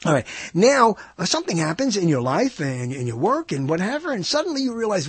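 Animated husky-voiced male radio host. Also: high voice, brisk, few pauses, dry recording. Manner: animated storytelling, mock voices for others. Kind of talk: rambling monologue.

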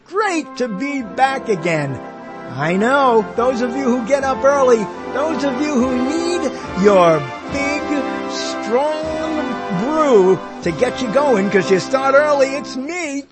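A man's voice: extremely high pitch, expressive, slow, over loud music, voice pushed up, full character voice. A man putting on the voice of an overexcited male morning radio DJ, showy and sing-song. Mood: hyped.

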